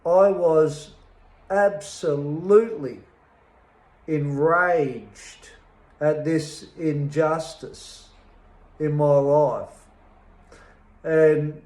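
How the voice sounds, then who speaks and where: A middle-aged Australian man tells his life story as an interviewee, speaking slowly and emphatically with a bitter edge and frequent pauses. His slightly mellow voice sits a bit higher than most men's, echoing in a bare room.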